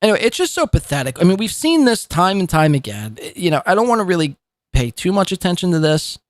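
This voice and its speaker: A man's voice: high voice, big pitch swings, fast talker, no room sound. A man hosting a live commentary podcast, talking in a profane, mocking and rambling way. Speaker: podcast host.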